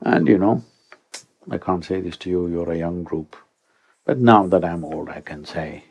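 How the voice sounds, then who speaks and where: A man in his sixties speaks as a spiritual teacher addressing a young crowd, and his voice sits a little low. He talks in an animated, rhetorical way, often turning to his listeners with quick prompts. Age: 60s. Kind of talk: speech to a young audience.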